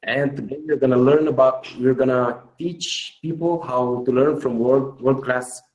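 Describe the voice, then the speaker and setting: A man's voice: medium pitch, steady tone, measured pace, darkish tone, rough recording. A man with a Russian accent hosting a webinar in an enthusiastic, informal way. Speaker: webinar host.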